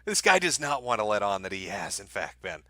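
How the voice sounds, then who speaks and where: A man's voice: fairly low pitch, very animated, fairly quick, bright, forceful tone, dry recording, studio quality. A man hosting a livestream, reacting to videos with crude, laughing, riled-up commentary. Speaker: livestream host.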